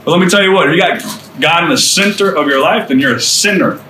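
A man's voice: fairly high pitch, fast talker, bright, forceful tone. A man preaches to a small group in an earnest, conversational tone, dropping casual asides as he goes. He sounds a little far from the mic. The room echoes, and a faint ambient noise hums underneath. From United States. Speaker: speaker sharing testimony.

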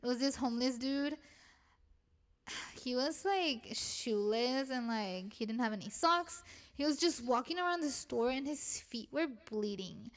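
A woman's voice: sits high, lively intonation, unhurried. A young woman with a thick Mexican Spanish accent, a retail worker rambling and swearing in casual chat. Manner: rambling, swearing, self-deprecating.

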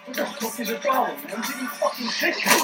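A man's voice: extremely high pitch, animated, brisk. An actor playing a hot-tempered working-class man in a crime drama, heated and profane. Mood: furious. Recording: distant TV clip with music behind.

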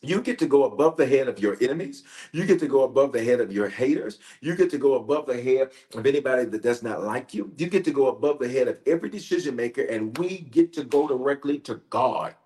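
A man serving as bishop hosts a livestreamed prayer night, greeting viewers one after another before he preaches. He talks with energy and repeats his phrases for emphasis. His voice sits at an ordinary middle pitch. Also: fast. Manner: energetic, repetitive, calls out to viewers. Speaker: bishop, pastor.

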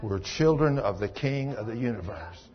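A man's voice: medium pitch, lively intonation, normal speed, slightly rough, lo-fi sound, soft background music. A man preaching a sermon, swinging into rising, emphatic exhortation as he urges his listeners on.

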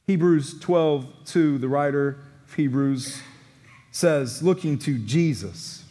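A man preaching a sermon as pastor, earnest and emphatic, with quiet reflective passages, ending in prayer. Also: high voice, measured pace. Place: church sanctuary. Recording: long church hall reverb.

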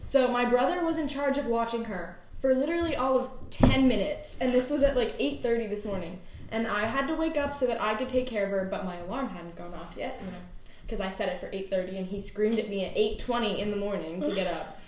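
Teen girl guest, chatty, slightly high voice, roomy echo. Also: a little fast, slight background noise. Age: teens. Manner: chatty, frequent "like" fillers. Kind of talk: casual chat.

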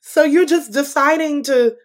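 A woman co-hosting a casual movie review chat, animated and laughing often, acting out her own reactions. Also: a little slow. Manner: animated, laughs often, quotes herself with swings in pitch.

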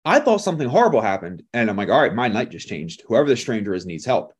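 A male pastor preaching a sermon, telling a lively story and acting out the people in it with laughter. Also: medium pitch, quick pace, slightly rough.

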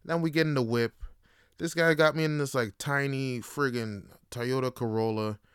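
A man's voice: medium pitch, fairly even intonation, normal speed, fairly bright tone, smooth, no room sound, clean studio sound. A young man talking in a laid-back, slangy way in a casual solo podcast monologue, swearing and using many fillers. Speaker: podcast host.

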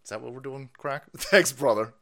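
A middle-aged man hosting a livestream, ranting about politics in a loud, profane, laughing way. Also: mid-range voice, measured pace. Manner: foul-mouthed, laughing, animated. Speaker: livestream host.

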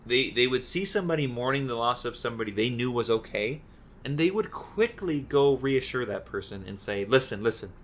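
A man's voice: mid-range voice, expressive, brisk, slight background noise. A man in a casual podcast chat about a video game, ranting in an exasperated, profane way. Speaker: podcast co-host.

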